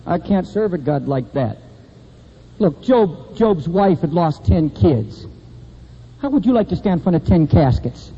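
A middle-aged man preaching a sermon with impassioned delivery that swings between high and low emphasis. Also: very animated, a little slow, warm tone, husky. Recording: dull lo-fi recording in a reverberant hall.

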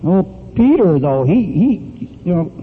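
Husky high-voiced impassioned male preacher. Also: very animated, measured pace. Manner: impassioned, swinging between high and low emphasis. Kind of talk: sermon. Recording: dull lo-fi recording in a reverberant hall.

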